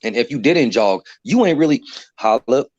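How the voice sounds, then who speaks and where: A man on a live stream discussion, talking in an animated, profane way and laughing often. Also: mid-range voice, moderate pace, no room sound. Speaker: livestream panelist. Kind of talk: heated casual discussion. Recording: dry, dull lo-fi sound.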